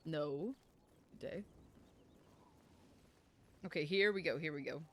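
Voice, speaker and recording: A woman streamer chatting casually over her gameplay in an animated way, laughing often. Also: deep voice, slow pace.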